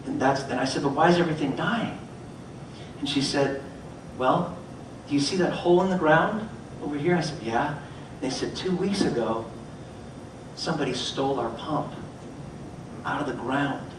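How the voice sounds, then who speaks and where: Motivational speaker, man, middle-aged, lively storyteller doing voices; roomy hall sound, faint hum behind. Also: fairly high pitch, moderate pace, long pauses. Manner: animated, acts out voices in his stories. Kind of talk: storytelling talk. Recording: echoey hall, mic from far off.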